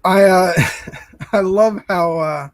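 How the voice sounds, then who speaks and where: A man's voice: high voice, slow, dry recording, rough recording. A man co-hosting a film podcast in casual chat, hesitant and full of fillers and restarts.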